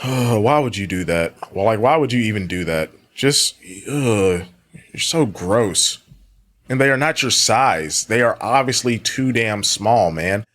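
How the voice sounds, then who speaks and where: A man's voice: fairly low pitch, lively intonation, normal speed, few pauses, a bit bright. A man doing reaction commentary, sarcastic and exasperated, swearing freely as he pushes back on a streamer's clips. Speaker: commentary host.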